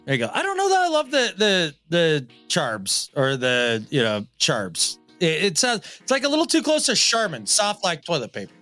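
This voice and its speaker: A man's voice: on the high side, huge pitch swings, normal speed, hardly any pauses, sharp tone, no echo, soft background music. A man co-hosting a podcast, chatting loosely with frequent laughs and fillers. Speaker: podcast co-host. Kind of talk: casual podcast chat.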